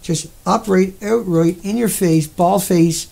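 A man's voice: sits high, slow pace, creaky, noisy background. A man with a Newfoundland accent hosting a livestream, ranting in a heated, rambling and profane way. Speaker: livestream host. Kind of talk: angry livestream rant.

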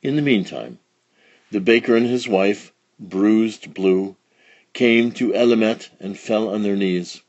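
A man reading a children's storybook aloud with expressive, dramatic storytelling. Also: on the low side, unhurried, husky, no room sound, highs cut off. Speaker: storybook reader. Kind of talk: children's read-along narration.

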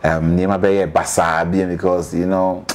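A man's voice: low-pitched, level tone, a little slow, a little mellow. A man from Ghana with a Ghanaian accent, talking casually as an interview guest in Dubai and switching between English and Twi with lots of restarts.

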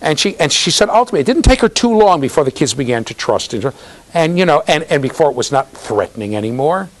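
He talks fast, his voice a little high, as he delivers a conversational university lecture. Stories, check-ins with the students and acted-out voices of quoted people keep it lively.

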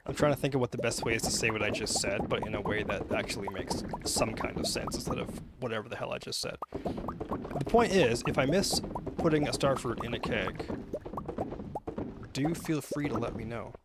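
A man's voice: mid-range voice, heavy background noise. A man with a Canadian accent streaming a game live, rambling and chatting with viewers through lots of fillers and restarts. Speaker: gaming livestreamer.

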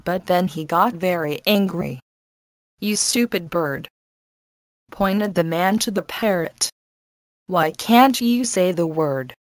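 A woman teacher reading an English lesson and a story aloud, slowly and carefully. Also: on the low side, no room sound. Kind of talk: scripted lesson narration.

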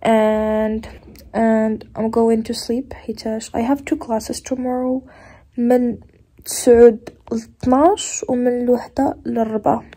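A woman's voice: on the high side, little pitch movement, fairly quick, dark tone, slightly rough. A young woman with a Moroccan accent chatting casually in a vlog, switching languages freely and sounding tired and sleepy. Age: young adult. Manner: chatty, switches between English, French and Darija. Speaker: vlogger.

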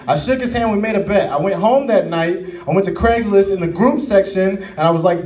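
A young adult male stand-up comedian performing a set in a comedy club. He is animated, addresses the crowd directly and chuckles through his punchlines. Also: high voice, moderate pace. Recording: distant stage mic with crowd laughter.

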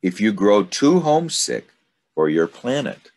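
A man reading aloud and voicing a mysterious desert snake who speaks slowly and cryptically, in riddles. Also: lowish voice, big pitch swings, a little mellow, pitched above the performer's own voice, exaggerated voice. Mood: ominous. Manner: slow, cryptic, ominous.

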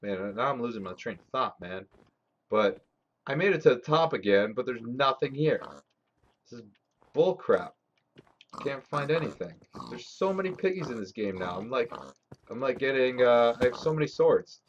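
A man's voice: mid-range voice, expressive, moderate pace, a little hiss or hum. Swearing, frustrated gaming streamer man. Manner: frustrated, swearing, talks to chat. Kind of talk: live game commentary. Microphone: desk mic. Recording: slightly dull lo-fi stream audio.

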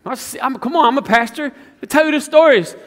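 A man's voice: extremely high pitch, quick pace. A man preaching a sermon as pastor, playful and joking, asking the congregation question after question. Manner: playful, joking, asks the crowd rhetorical questions. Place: church sanctuary. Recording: long church reverb.

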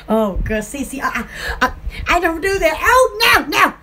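A woman's voice: extremely high pitch, very animated, moderate pace, pushed and bright, slight background noise. A woman hosting her own channel, rambling playfully and giggling as she acts out silly scenes. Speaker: channel host.

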